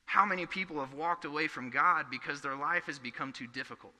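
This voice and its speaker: A man's voice: a little high, fairly quick, sharp tone. A young man preaching a sermon, earnest and conversational, telling stories from his own life. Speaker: pastor. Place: church hall. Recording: echoey hall.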